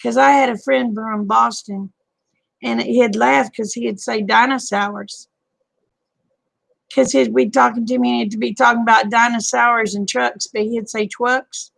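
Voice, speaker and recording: Folksy older woman, gravelly. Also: a little high, fairly even intonation, normal speed, fairly bright tone, dry recording. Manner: folksy, calls people honey and babe. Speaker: live stream host. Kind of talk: casual late-night chat with viewers.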